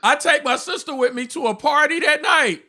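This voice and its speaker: A man co-hosting a podcast, chatting casually, swearing freely and laughing through animated stories. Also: extremely high pitch, normal speed. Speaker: podcast co-host. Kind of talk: casual chat.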